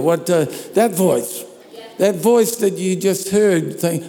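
A male pastor delivering a sermon in an unhurried, talky manner, his voice fairly high for a man but soft and mellow. The microphone picks up the long reverb of a big church hall around him. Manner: conversational, checks in with "all right?". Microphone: handheld or stand microphone.

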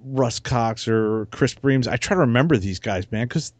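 A man co-hosting a casual podcast, relaxed and rambling, often restarting his sentences. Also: medium pitch, normal speed, no echo. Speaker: podcast co-host. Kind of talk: casual chat.

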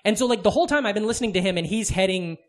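A man with a notably high voice tells a winding anecdote on a podcast. He wanders through fillers and false starts and swears casually as he goes. The talk stays loose and conversational. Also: rapid-fire. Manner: rambling storyteller, swears freely, full of fillers and restarts. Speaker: podcast co-host.

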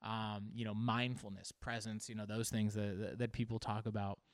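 Smooth-voiced man musing aloud. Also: fairly low pitch, flat delivery, normal speed, no room sound, clean studio sound. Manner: musing, searching for words aloud. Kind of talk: casual reflective monologue.

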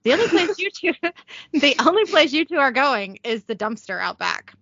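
A woman's voice: high voice, big pitch swings, normal speed, sharp tone, no room sound, dull audio, pitched above the performer's own voice, heavily acted. A woman reading the lines of a menacing female demon, snide and taunting.

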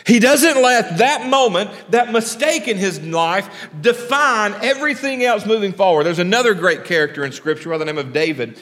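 A man pastor delivers a sermon in a high, bright-pitched voice. He speaks conversationally, tossing questions to the congregation and acting out the people of his story. The sound carries a long echo from a large hall. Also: normal speed. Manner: animated preaching, drops low and quiet for God's lines.

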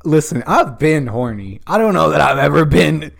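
Gravelly young man joking around. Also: fairly high pitch, sing-song, normal speed. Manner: joking banter, acts out silly voices, swears a lot. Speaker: podcast co-host. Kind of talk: casual chat.

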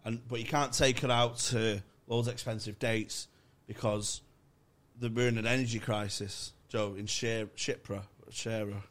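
A man's voice: lowish voice, steady tone, moderate pace, fairly bright tone. A man, rambling and swearing as he tells a long story in a casual comedy podcast chat.

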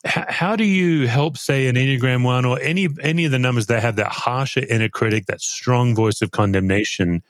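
A man in his fifties hosting an interview, thinking aloud in a reflective, halting way. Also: mid-range voice, no echo. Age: 50s. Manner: reflective, halting with repeated restarts. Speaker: podcast host. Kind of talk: conversational interview.

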